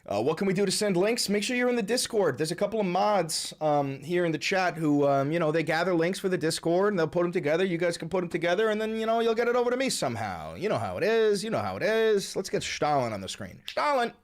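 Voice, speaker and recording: Male live streamer, raised pitch, excitable and foul-mouthed ranting, casual chat from home. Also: quick pace, hardly any pauses.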